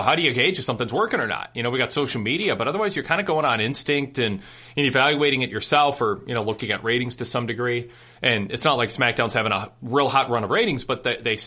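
A man hosts a relaxed wrestling discussion in a reflective voice. His pitch sits mid-range, and his tone is bright. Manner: reflective, passing turns to others. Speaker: podcast host.

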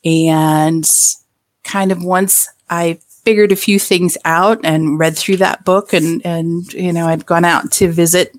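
A woman speaking frankly and playfully as a podcast guest. She talks slowly in a somewhat low voice. The sound is dry and close. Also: fairly even intonation, no echo. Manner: frank, playful, laughs often. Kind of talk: casual interview chat.

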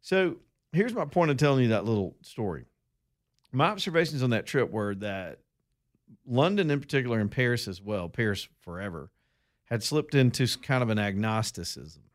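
A man's voice: medium pitch, expressive, normal speed. A middle-aged man from Alabama with a Southern accent, hosting a talk radio show and telling a long story in a folksy, rambling way that addresses his listeners as y'all.

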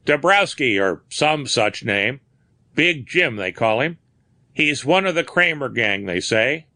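Narrator doing cocky young beat cop, sneering, raised pitch, bright. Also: male voice, animated, takes it slowly, no room sound, full character voice. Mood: brash. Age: young adult. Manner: brash, sneering slang.

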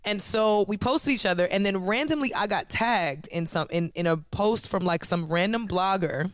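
A woman with a powerful, soothing voice talks frankly and reflectively in a relaxed podcast chat. Her tone is smooth and resonant. The recording is close and dry. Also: medium pitch, moderate pace, no room sound. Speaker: podcast guest. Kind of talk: casual chat.

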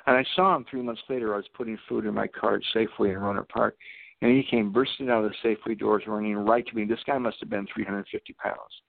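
A man with a fairly low, creaky voice and fairly even intonation speaks fast on a dry recording through a tinny telephone line. As a radio guest and seminar teacher, he shares anecdotes on the call-in, acting out the people in them.

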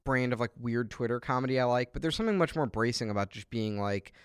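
A man's voice: medium pitch, fast talker, clean tone, no room sound, studio quality. A man co-hosting a podcast in casual chat, rambling with many fillers. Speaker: podcast co-host.

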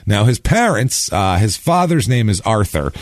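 A man's voice: lowish voice, sing-song, moderate pace, no echo. A man hosting a podcast, telling a story in a casual, jokey, rambling way with lots of restarts. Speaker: podcast host.

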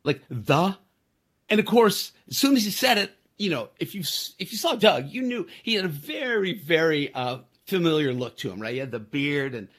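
A man's voice: on the high side, sing-song, moderate pace, fairly bright tone. A man in his sixties hosting a podcast, telling a story in a rambling, self-deprecating way, with many fillers and restarts. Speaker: podcast host. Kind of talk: casual storytelling.

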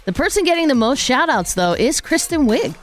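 A woman co-hosting a radio show, reading entertainment news in a brisk way with dry asides. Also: high voice, very animated, faint music behind. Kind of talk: morning radio show chat.

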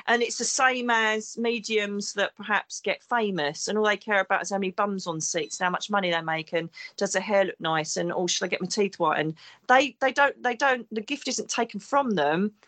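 Speaking fairly quickly with hardly any pauses, a woman uses a medium-pitched, fairly bright voice. She's a former detective now working as a psychic medium, emphatic in an interview conversation and acting out the people she quotes.

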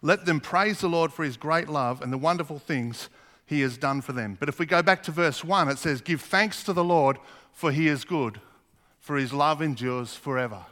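A man's voice: on the high side, moderate pace, a bit bright. A man preaching a sermon, earnest, asking the congregation questions as he reads scripture. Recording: long hall reverb.

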